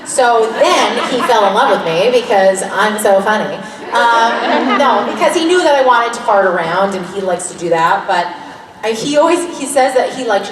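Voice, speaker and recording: Joking Canadian woman in an echoey hall. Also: medium pitch. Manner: animated, joking, candid. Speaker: panel guest actor. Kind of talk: convention panel Q&A. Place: large convention hall. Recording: echoey hall recording from far off.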